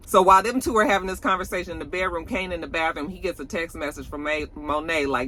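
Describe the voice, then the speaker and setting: A woman casually recapping a TV episode, animated and profane, acting out the characters' lines. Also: fairly low pitch, fast talker, hardly any pauses, slight background noise. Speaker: TV recap YouTuber.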